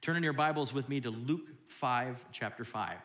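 A male pastor preaching in a room with a lot of echo, his voice sitting at an ordinary middle pitch. He moves from quiet, low asides to loud, high-pitched bursts whenever he acts out a quoted line. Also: moderate pace. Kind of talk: sermon.

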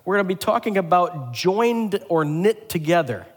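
A pastor delivering a lively sermon, asking the congregation questions and joking with them. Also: male voice, high voice, normal speed, slightly rough. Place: church sanctuary. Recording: long hall reverb.

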